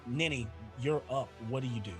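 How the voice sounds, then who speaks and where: A man's voice: mid-range voice, brisk, faint music behind. A man running a tabletop role-playing game as dungeon master, chatty and often laughing, with many restarts.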